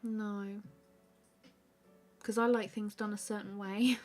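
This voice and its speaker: A woman, an artist hosting a live stream, chatting casually and answering viewer questions with a relaxed, rambling manner full of fillers. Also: medium pitch, takes it slowly, soft background music. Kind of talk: casual chat while drawing.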